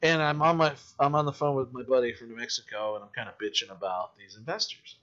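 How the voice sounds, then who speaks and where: Profane, animated man on a lo-fi podcast. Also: medium pitch, fast. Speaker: independent filmmaker. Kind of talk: casual podcast chat.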